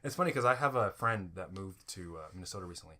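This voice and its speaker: A man co-hosting a podcast, with a fairly low but bright, forceful voice. He rambles through casual chat, full of "like" and "you know.". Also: expressive, fast talker. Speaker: podcast co-host.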